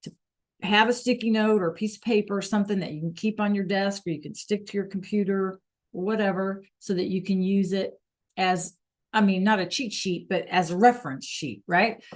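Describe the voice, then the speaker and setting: A woman's voice: mid-range voice, fairly even intonation, fairly quick. A woman teacher talking casually to students in a live online class, chatty, with fillers. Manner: chatty, with fillers and throat-clearing. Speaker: Spanish teacher.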